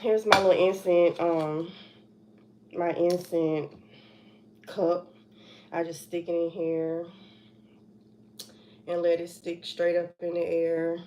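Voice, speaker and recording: A woman's voice: lowish voice, monotone, slow pace, pauses often, mellow, a little hiss or hum. A young woman hosting a casual livestream from home, anxious and rambling, sighing and laughing nervously as she talks. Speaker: trucking vlogger.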